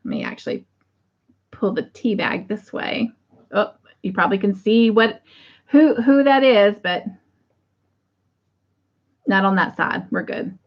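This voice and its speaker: A woman hosting a crochet livestream, chatting casually and warmly with viewers and often breaking into laughter. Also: mid-range voice, unhurried, pauses often, lo-fi sound. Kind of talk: casual chat to live viewers.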